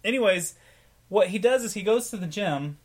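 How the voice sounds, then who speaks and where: A man co-hosting a casual podcast chat, telling a story with lively acted-out quotes. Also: sits high, moderate pace. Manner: animated storytelling, acts out quotes. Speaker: podcast co-host.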